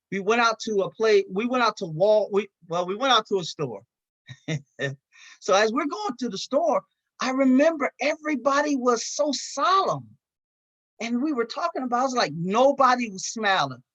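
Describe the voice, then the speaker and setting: A man's voice: high voice, fairly bright tone. A man leading a seminar in a folksy, chatty way, often stopping and restarting his sentences. The sound is dull and muffled, recorded dry and close with no room echo. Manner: conversational, folksy, with frequent restarts and light laughs. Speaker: seminar presenter. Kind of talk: informal seminar talk.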